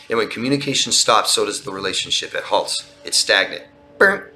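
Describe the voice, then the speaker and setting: Outdoors by a street, with faint music behind him, a relationship coach answers viewer questions in a live Q&A. His fairly low voice is animated, pushed, and bright, and he speaks fairly quickly in an earnest, explanatory way, often repeating and restarting phrases.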